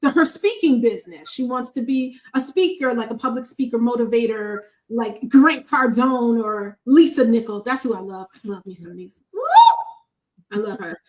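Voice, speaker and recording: A woman from Buffalo hosting a podcast, sharing a heartfelt testimony in an animated, emphatic way with a preacher-like cadence. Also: on the high side, normal speed, low-quality recording. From Buffalo, New York, USA. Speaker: podcast host.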